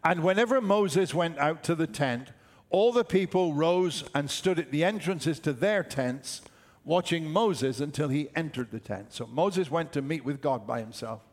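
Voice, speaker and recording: A man's voice: fairly high pitch, lively intonation, a little slow. An older man preaching a sermon, emphatic and repeating his key phrases. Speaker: pastor.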